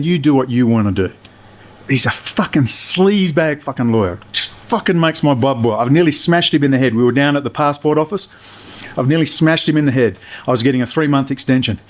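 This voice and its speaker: A man filming himself in an apartment, giving a heated, profane monologue to camera. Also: medium pitch. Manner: heated, ranting, heavy swearing. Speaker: video blogger. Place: apartment indoors.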